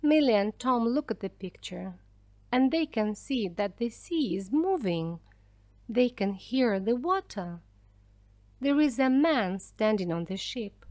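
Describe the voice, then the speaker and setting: Woman narrator, storybook for learners, slow and careful, lively pitch, dry close sound. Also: dry recording. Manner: slow, clear, careful reading. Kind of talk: scripted narration for language learners.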